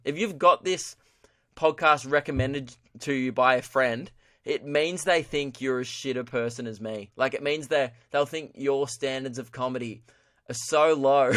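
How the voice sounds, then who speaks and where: A man's voice: mid-range voice, unhurried, fairly bright tone, dry recording, clean studio sound. A young man, hosting a solo comedy podcast and ranting in a sweary way while laughing at his own jokes. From Australia. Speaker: podcast host.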